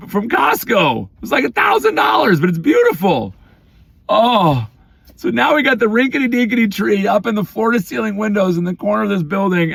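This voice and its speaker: A middle-aged father venting in a rapid, exasperated storytime rant, breaking into shouted outbursts. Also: sits high, vocal fry, no room sound. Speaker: vlogger; father of four.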